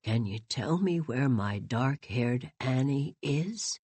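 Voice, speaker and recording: A woman narrator voicing a heartbroken old man who mumbles slowly and wistfully. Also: slightly rough, no echo, heavily acted. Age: older. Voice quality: low, soft, mumbling.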